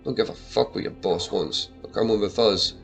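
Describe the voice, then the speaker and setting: A man voicing a menacing male gang enforcer who speaks low and quiet. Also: normal speed, creaky, soft background music.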